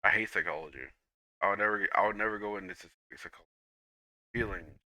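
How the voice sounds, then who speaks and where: A young man rambles through a personal monologue, halting often, restarting and repeating himself while swearing freely. His voice is fairly low, bright and forceful, captured on a dull lo-fi recording that is also dry.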